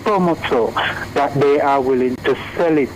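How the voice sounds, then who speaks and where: A man, a senior police official speaking in formal police language with pauses and restarts. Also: medium pitch, a little hiss or hum, low-quality recording. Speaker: police division director. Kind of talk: news interview clip.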